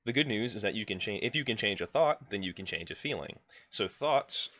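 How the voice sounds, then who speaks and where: A man's voice: fairly low pitch, lively intonation, a little fast, pushed and bright, no echo. A man reading a self-help workbook aloud on a live stream at home, now and then stopping to chat with his viewers. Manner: reads a text aloud and breaks off to chat with viewers and pets.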